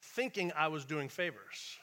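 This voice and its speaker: A man pastor preaching a Sunday sermon, animated and conversational, acting out the voices he quotes and swinging from loud bursts to hushed asides. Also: on the high side, measured pace, big-room sound.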